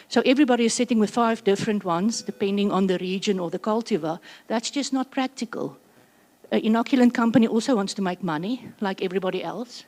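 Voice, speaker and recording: A South African woman giving a workshop presentation, chatty and slightly out of breath, with quick joking asides. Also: mid-range voice, darkish tone. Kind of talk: conference presentation.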